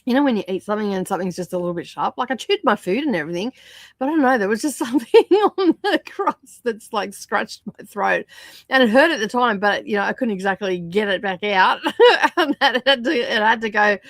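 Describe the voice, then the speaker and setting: A woman hosting a casual livestream, greeting viewers and chatting, her voice croaky from a sore throat. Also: medium pitch, expressive, brisk, a bit bright, dry recording, clean studio sound. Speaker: livestream host. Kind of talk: casual livestream chat reading out viewer comments.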